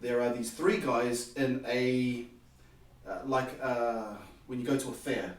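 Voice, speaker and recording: A man, a podcast guest, telling a personal story in an animated way and acting out the dialogue. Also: medium pitch, takes it slowly. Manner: animated, acts out quoted dialogue. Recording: very echoey room, distant mic.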